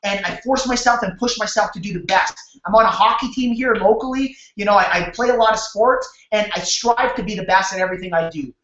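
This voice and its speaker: A man from Canada hosting a sales webinar over a video call, telling his story in an energetic, repetitive way and talking straight to his audience. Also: high-pitched, brisk, few pauses. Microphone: webcam or computer mic on a video call. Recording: roomy, dull lo-fi webcam audio.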